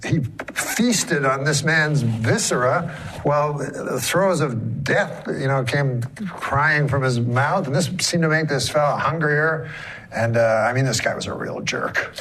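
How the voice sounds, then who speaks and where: A man hosting a comedy talk show, telling jokes in a dry, halting way and laughing often. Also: medium pitch, fairly bright tone, slight background noise. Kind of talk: casual comedic banter.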